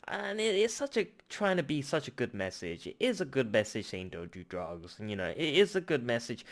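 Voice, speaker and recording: A man hosting a reaction video, ranting heatedly with a lot of repetition. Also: lowish voice. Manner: heated, repetitive ranting, then apologetic and calm. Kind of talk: casual reaction rant.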